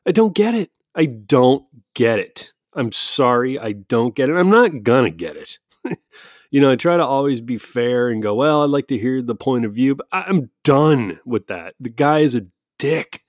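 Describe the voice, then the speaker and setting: A man's voice: mid-range voice, animated, moderate pace, dry recording. Podcast host, man, mid-range voice, sarcastic casual rant with plenty of swearing, dead-dry close mic. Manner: sarcastic and blunt, swears freely, restarts often.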